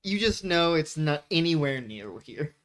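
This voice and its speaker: A man's voice: fairly high pitch, big pitch swings, measured pace, fairly bright tone, a little hiss or hum. A man running a tabletop game as game master, playful and laughing often.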